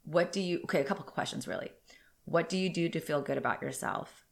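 Speaking fast in a low, gravelly voice, this thirty-something woman runs a podcast on her own. She rambles in a candid, casual way and sounds slightly congested.

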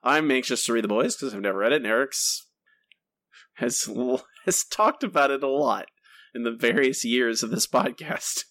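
A man's voice: medium pitch, normal speed, a bit bright. A man co-hosting a comics podcast in casual chat, chatty and laughing often, trailing off when he is unsure. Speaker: podcast co-host.

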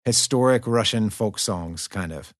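A man's voice: lowish voice, a little slow, no echo, clean studio sound. A man hosting a podcast, telling a story in a casual, upbeat way with lots of fillers and laughs. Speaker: podcast host. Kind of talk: casual chat. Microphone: remote recording for a virtual studio.

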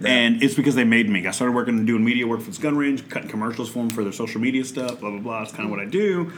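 A man, hosting a casual podcast chat and asking his guests questions in a relaxed drawl. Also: medium pitch, quick pace, a little hiss or hum.

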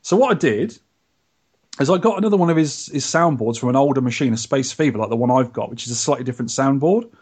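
A man's voice: fast, slightly rough. A man co-hosting a podcast, telling a story in casual chat. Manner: chatty storyteller, lively pitch. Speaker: podcast co-host.

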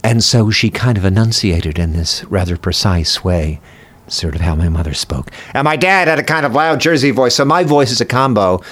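A man speaking as a guest in a casual conversation, with a precise, measured way of talking and thoughtful, rambling sidebars. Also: fairly low pitch, animated, a bit bright. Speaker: guest, voice actor.

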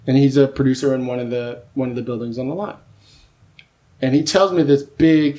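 Lively storytelling male screenwriter. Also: mid-range voice. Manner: lively storyteller who acts out quoted voices; keeps asking "you know what I mean?". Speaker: screenwriter and podcast guest. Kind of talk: casual podcast conversation.

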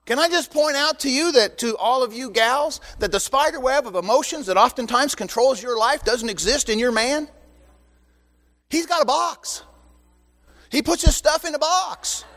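Older male pastor, high-pitched, animated teaching sermon in a reverberant hall. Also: normal speed. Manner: animated, joking asides to the congregation. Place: church sanctuary. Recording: long reverb in a church hall.

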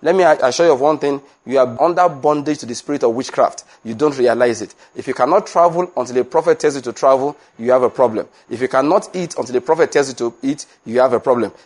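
A man delivering a sermon in a mid-range voice. He is emphatic and insistent and repeats his points for weight. His pitch climbs when he presses home a warning. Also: fast, few pauses, darkish tone. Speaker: preacher.

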